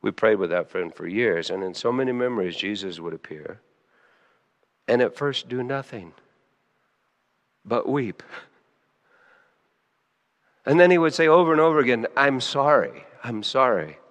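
A man preaching a sermon, dropping to hushed, quiet lines and then rising sharply into loud, high emphasis. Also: lively intonation, unhurried, long pauses, long reverb tail. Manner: emotional, swings between soft hushed lines and sudden loud high emphasis. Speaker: pastor.

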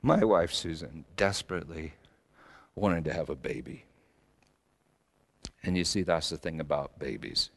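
A middle-aged male pastor preaching a sermon, swinging between loud emphatic lines and soft, low asides. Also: a little slow, gravelly, long pauses.

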